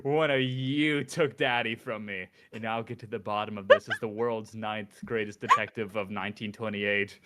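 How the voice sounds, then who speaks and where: A man's voice: lowish voice, steady tone, moderate pace, few pauses, heavy background noise, close to an everyday voice. A man voicing a pompous, self-styled woman detective and politician, with a theatrical, grandiose manner.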